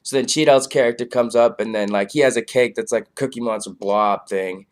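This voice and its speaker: A man's voice: medium pitch, fairly quick. A man casually reviewing a comedy show, rambling loosely with lots of fillers. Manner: loose, filler-heavy, laid-back.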